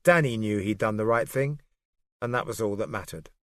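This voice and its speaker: A man narrating an audiobook in a steady, measured storytelling way. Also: lowish voice, no room sound, clean studio sound. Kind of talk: scripted narration.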